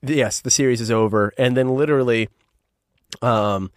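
A man's voice: mid-range voice, moderate pace, smooth, no echo, studio quality. A man guesting on a podcast, chatting casually and laughing as he retells scenes. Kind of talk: casual chat.

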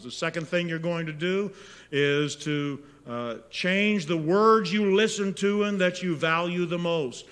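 A man preaching a sermon as pastor, moving between hushed, intimate prayer and loud, impassioned exhortation. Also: high voice, measured pace, smooth. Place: church sanctuary. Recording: long reverb of a large hall.

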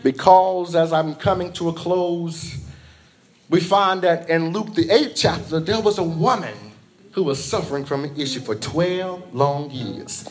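A man preaching an impassioned evening sermon, swinging between loud calls and soft asides, drawing responses from the congregation. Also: on the high side, unhurried.

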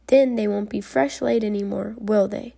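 Lady putting on a grumbly stubborn egg-cart guy from the country, loud and blunt, kinda gravelly. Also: medium pitch, steady tone, normal speed.

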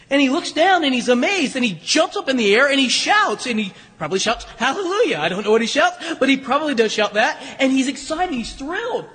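A high, bright-toned man preaching a sermon, his voice slightly husky. He tells the story in a loose, conversational way with humor and frequent restarts. The sound rings with the long reverb of a church. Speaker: pastor. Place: church sanctuary.

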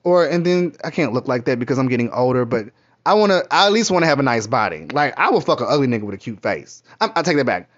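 A man's voice: medium pitch, big pitch swings, fast. A middle-aged man from Kentucky, telling candid, profane stories in a rambling casual monologue. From Kentucky, USA. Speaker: vlogger. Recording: muffled lo-fi audio.

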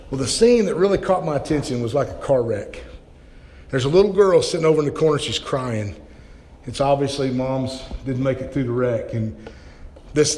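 Impassioned preacher in a reverberant church. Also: male voice, medium pitch, darkish tone. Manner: impassioned, stammering repeats. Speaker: pastor. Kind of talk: sermon.

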